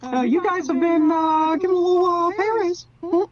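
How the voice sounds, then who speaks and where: A man's voice: very high-pitched, normal speed, lo-fi sound, crowd noise, voice pushed up. A man voicing a scheming, fawning cartoon mouse studio boss, a smarmy, giggling talker full of fillers. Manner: smarmy, giggling, filler-laden sales talk.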